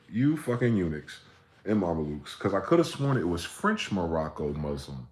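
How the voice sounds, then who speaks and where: Low-voiced man ranting on a livestream. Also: very animated. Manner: ranting and profane, with sudden high-pitched shouted outbursts; repeats words in rapid chains. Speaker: livestream host. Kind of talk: livestream monologue.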